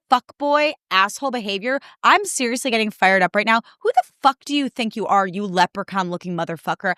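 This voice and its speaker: A woman's voice: fairly high pitch, a bit bright, no room sound. Young woman, podcast host from Chicago, heated and swearing freely, dry close mic. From Chicago, US Midwest. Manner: heated profanity-laced rant. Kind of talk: casual chat.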